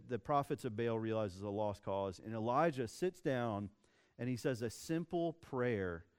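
A young adult man preaching a sermon, telling a Bible story in a casual, animated way with quick restarts. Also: mid-range voice, smooth. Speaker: pastor.

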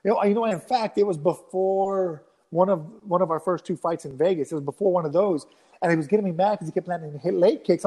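A man in his thirties telling a rambling, animated story in a casual interview, acting out quotes with many restarts. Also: high-pitched, quick pace. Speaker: guest fighter.

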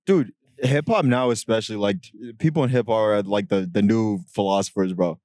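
A young man co-hosting a podcast, telling stories in a relaxed way with casual slang and easy laughs. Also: fairly low pitch, brisk, dry recording, studio quality. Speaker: podcast co-host. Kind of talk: casual chat.

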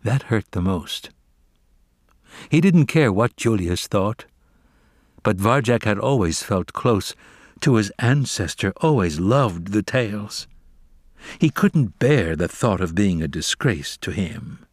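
In clean, dry studio audio, a male audiobook narrator with a fairly low pitch reads a children's novel aloud. His scripted delivery is measured and expressive, like a storyteller's.

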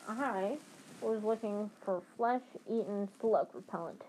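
A huge, bearded gamekeeper with a gruff, growling storybook voice, read out by a woman. His delivery is rough and blunt, pitched in an ordinary middle range. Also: takes it slowly, noisy background, lightly acted. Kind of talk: storybook reading.

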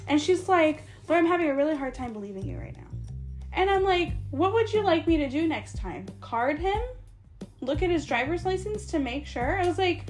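A woman's voice: high-pitched, normal speed, soft background music. A young woman, a massage therapist, telling a story in casual chat and acting out the dialogue with laughs. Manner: animated, acts out dialogue with laughs. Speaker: podcast co-host, massage therapist.

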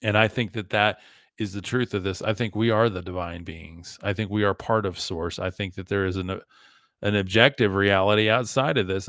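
Low-voiced man hosting a podcast. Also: no room sound, clean studio sound. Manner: emphatic, animated, says "like" often, addresses listeners as guys. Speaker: podcast host. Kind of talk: casual monologue.

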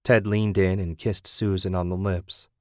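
A man narrating a novel in a steady, measured voice that sits on the low side. The recording is dry and close, with no room sound around him. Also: no echo. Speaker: audiobook narrator. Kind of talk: scripted narration.

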